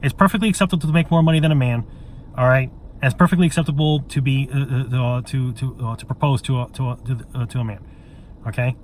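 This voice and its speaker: A man's voice: medium pitch, fairly even intonation, fast, a little hiss or hum. A man in an emotional monologue straight to camera, earnest and pleading, stumbling and repeating words and swearing bluntly. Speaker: vlogger.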